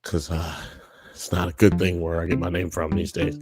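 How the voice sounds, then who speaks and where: A man's voice: low voice, monotone, moderate pace, over music. A man hosting a live podcast, chatting casually with jokes and swearing. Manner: loose, joking, profane banter. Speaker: podcast host. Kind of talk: casual live-stream chat.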